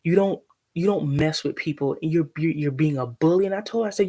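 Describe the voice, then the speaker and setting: A woman's voice: deep voice, fast, darkish tone, breathy edge. A woman venting bluntly and animatedly on a livestream, swearing freely. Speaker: live streamer.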